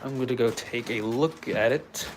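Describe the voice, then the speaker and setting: A man streaming live, chatting casually with his viewers and reading their messages aloud in animated bursts. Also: mid-range voice, normal speed, slight background noise. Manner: animated, reads chat aloud, excitable bursts. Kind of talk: casual livestream chat.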